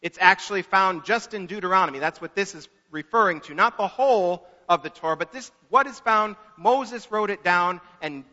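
High bright-voiced man preaching a sermon. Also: moderate pace, hardly any pauses. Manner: earnest, repeats words for emphasis. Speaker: pastor. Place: church sanctuary. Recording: echoey church hall, dull lo-fi.

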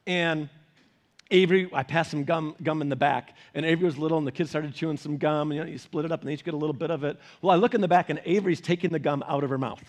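A man's voice: a little high, steady tone, fast. A man pastor giving a casual, conversational sermon, often repeating and restarting words.

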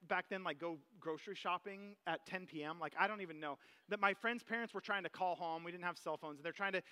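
A man's voice: sits high, clear, resonant tone. A man, a father, preaching a sermon in a casual, conversational way, telling personal stories to his congregation. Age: adult parent. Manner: conversational, animated, personal anecdotes. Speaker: pastor.

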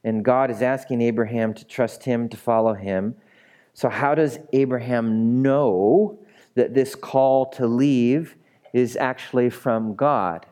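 A male pastor delivering a sermon at an unhurried pace, his voice mellow and warm rather than bright. He keeps it conversational with playful asides, then builds emphasis through repetition. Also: mid-range voice.

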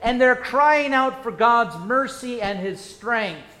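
Male pastor, pitched high, preaching a sermon in a reverberant sanctuary; dynamic, questioning delivery. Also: animated, takes it slowly. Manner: asks many rhetorical questions, swings from loud to hushed. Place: church sanctuary. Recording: echoey church room.

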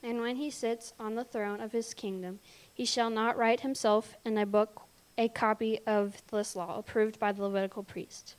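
A woman's voice: fairly high pitch, flat delivery, normal speed. A woman reading a scripture passage aloud in church, carefully and with small stumbles. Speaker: scripture reader.

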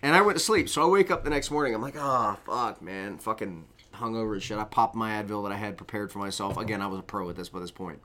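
A man's voice: on the low side, very fast, few pauses, pushed and bright. A young man co-hosting a podcast, telling a long, rambling, profane story in casual chat. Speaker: podcast co-host.

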